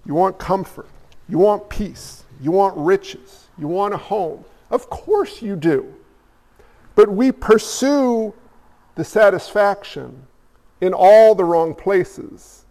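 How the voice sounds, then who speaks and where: A man's voice: high-pitched, slow pace, long pauses, a little mellow. A male pastor preaching a conversational sermon, firing off rhetorical questions and repeating phrases for emphasis. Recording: reverberant hall.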